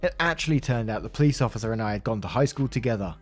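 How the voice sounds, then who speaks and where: A man reads a Reddit story aloud, casual and chatty, with asides along the way. His voice sits at an average pitch over faint background music. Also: expressive, rapid-fire, breathy edge. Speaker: story narrator.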